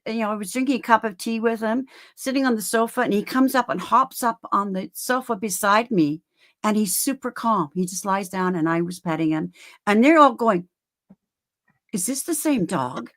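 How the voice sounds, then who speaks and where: A woman in her seventies, a guest on a live call, telling stories in a rambling, animated way. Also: medium pitch, fairly quick. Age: 70s. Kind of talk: casual chat.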